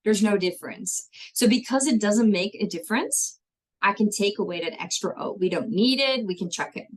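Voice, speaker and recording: A woman's voice: medium pitch, expressive, normal speed, low-quality recording. A woman, teaching a language lesson and patiently walking through spelling rules step by step, often checking in with "okay?".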